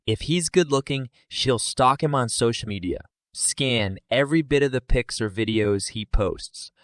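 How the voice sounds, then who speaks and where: Male commentator, deadpan mocking voice-over, dead-dry recording. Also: medium pitch, no echo. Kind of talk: sarcastic reaction commentary.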